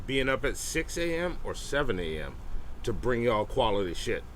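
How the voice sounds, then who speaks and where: A man's voice: medium pitch, very animated, normal speed, a bit bright, a little hiss or hum. A man co-hosting a casual livestream talk show, joking loosely and laughing often. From New Orleans, Louisiana. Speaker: podcast co-host.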